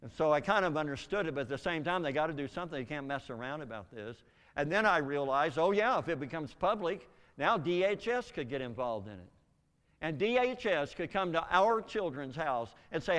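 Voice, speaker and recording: An older man giving a spoken testimony, telling a story earnestly with halting restarts. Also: a little high, lively intonation, fairly bright tone. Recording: long reverb in a large hall.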